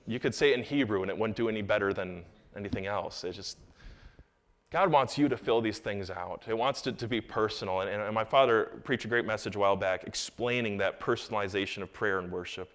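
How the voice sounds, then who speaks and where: A man's voice: fairly low pitch, a little fast, a bit bright. Young man preaching with emphatic rises. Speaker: pastor. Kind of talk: sermon. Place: church sanctuary.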